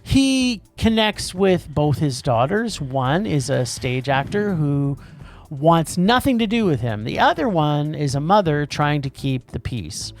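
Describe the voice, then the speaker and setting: A man co-hosting a podcast, chatting casually about films, animated and tripping over his words. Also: fairly high pitch. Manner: animated, quick, trips over words, restarts. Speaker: podcast co-host. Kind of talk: casual movie review chat.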